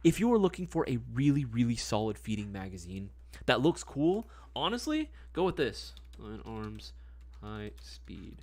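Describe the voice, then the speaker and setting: A young man livestream host chats casually in a laid-back, slangy way, peppering his talk with "man" and always checking in with "right?". His medium-pitched voice swings widely in pitch at a normal speed, a little mellow in tone. The sound is dry and close, with no echo or room around it.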